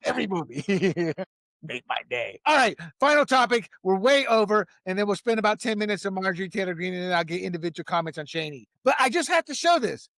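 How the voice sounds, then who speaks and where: A man's voice: high voice, lively intonation, fast talker, few pauses, fairly bright tone, no echo, studio quality. A man hosting a political commentary show, talking in a heated, emphatic way and laughing at his own jokes.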